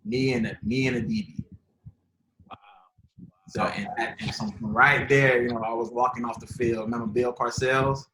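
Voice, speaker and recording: A man speaks on a video call in a bright, forceful voice, informal and emphatic, repeating himself as he drives each point home. The room gives his voice a roomy echo, and faint noise sits underneath. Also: medium pitch, fairly even intonation, moderate pace. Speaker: former pro football player and college coach speaking to high school athletes. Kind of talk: casual motivational storytelling.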